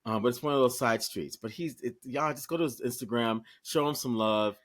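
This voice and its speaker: Animated storytelling man co-hosting a podcast. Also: medium pitch, brisk. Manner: animated storyteller who acts out quoted voices; chatty, swears freely, addresses listeners as y'all. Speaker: podcast co-host. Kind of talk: casual chat.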